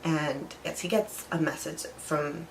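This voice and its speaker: A young female vlogger tells a personal story in casual, chatty fashion, filling it with "like" and acting out quoted lines. Her voice is low, unhurried, and fairly even in intonation, on poor audio with slight background noise.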